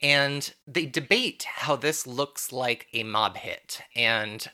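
A man hosts a casual podcast, walking through a TV episode scene by scene. His voice is very bright and cutting, and he keeps dropping wry jokes and asides as he goes. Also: mid-range voice, slow pace. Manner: wry, joking recap with bursts of laughter. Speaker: podcast host recapping a TV episode. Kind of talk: casual chat.

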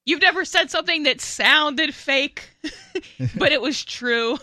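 A woman's voice: sits high, slow pace, bright, forceful tone, no echo, studio quality. A woman co-hosting a talk radio show, chiming in with playful, teasing quips. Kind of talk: casual radio banter.

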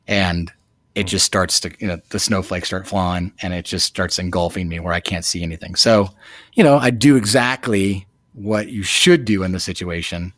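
A man guest telling a dramatic personal story in an animated way, with many restarts. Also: deep voice, normal speed, no echo, studio quality. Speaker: podcast guest. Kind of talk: storytelling anecdote.

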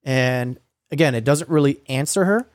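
A young man telling a story in casual chat, swearing a lot and filling his talk with "like" and "um," sometimes acting out quoted lines in a higher voice. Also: moderate pace, dry recording, clean studio sound. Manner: profane, rambling storytelling with many fillers; acts out quoted lines with a raised voice. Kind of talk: casual recap of a streamed game.

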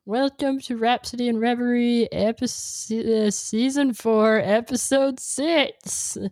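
A woman's voice: on the high side, steady tone, a little mellow, dry recording. A young woman in her twenties co-hosting a podcast, drawing her words out and adding dry quips. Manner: slow, drawn-out delivery, dry quips. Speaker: podcast co-host. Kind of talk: casual chat.

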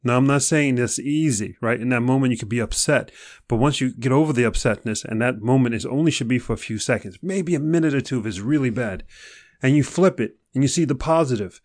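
A man's voice: mid-range voice, fairly quick, no room sound, studio quality. A man speaking straight to the listener in a motivational monologue, asking pointed questions and acting out people's excuses.

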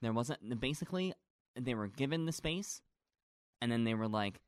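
A man's voice: mid-range voice, expressive, normal speed, clean tone, no room sound, studio quality. A man in a casual chat, a stage actor talking at length, gushing and rambling with lots of fillers.

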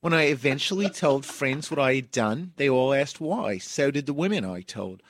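A man's voice: medium pitch, no echo, lightly acted. A man reading out another man's confession in an overdone, put-on Australian accent. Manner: exaggerated, comically overdone accent. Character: adult man telling of his regret.

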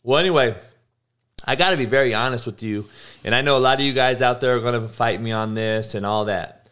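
A man's voice: mid-range voice, a little fast, fairly bright tone, smooth. A man hosting his own podcast, ranting in a blunt, heated way with lots of swearing, rambling and restarting his sentences. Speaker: podcast host. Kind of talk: solo podcast rant.

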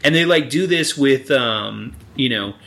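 Guy cohosting a podcast, mid pitch, rambly and sweary, casual chat. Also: lively intonation, unhurried, vocal fry, fairly bright tone. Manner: rambling, swears freely, playful mock quotes. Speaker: podcast co-host.

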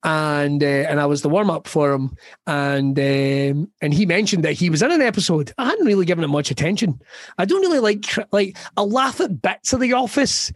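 A man's voice: a little high, animated, moderate pace, no room sound, clean studio sound. A Scottish man in his forties, a comedian chatting casually on a podcast, swearing and laughing as he rambles through stories. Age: 40s. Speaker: comedian guest.

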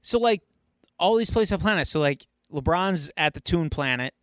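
A man with a high voice co-hosts a casual podcast chat. He tells the story in an animated way and swears a lot, close to the mic in a dry room. His tone stays loose and conversational. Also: normal speed, no echo. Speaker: podcast co-host.

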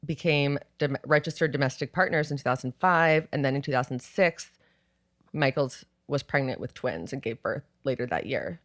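A woman co-hosts a podcast with deadpan, dry humor. Her voice sits quite low, and she keeps her delivery flat and understated. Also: moderate pace, no room sound. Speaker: podcast co-host. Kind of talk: casual chat recapping a TV episode.

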